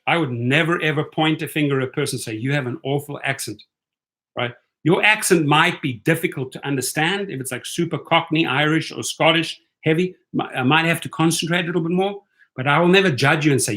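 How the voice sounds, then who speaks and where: With a slightly high, pushed, bright voice, the host of this rideshare channel chats casually with his livestream viewers. He's talkative and loose, constantly ending his points by asking "right?"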